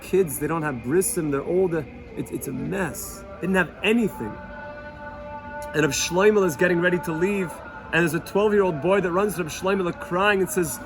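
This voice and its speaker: A man's voice: high-pitched, normal speed, over music. A man, a rabbi, telling stories in an earnest Torah talk, repeating himself and sprinkling in Yiddish and Hebrew words. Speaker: rabbi teaching a weekly Torah lesson. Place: Jerusalem.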